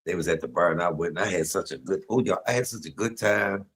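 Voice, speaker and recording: A man's voice: low voice, quick pace, fairly bright tone, rough recording. A middle-aged man, telling stories on a home cooking livestream, chatty and laughing. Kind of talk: casual storytelling while cooking.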